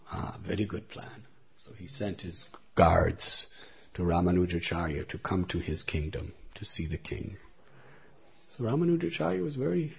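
A man's voice: mid-range voice, gravelly, darkish tone, husky. A man telling a devotional story as a speaker in a religious talk, in a dull lo-fi recording.

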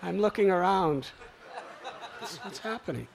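A man telling a story to a gathering, animated and exclamatory as he acts out the sounds. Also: high-pitched, a little slow, vocal fry, a crowd in the background. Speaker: spiritual speaker.

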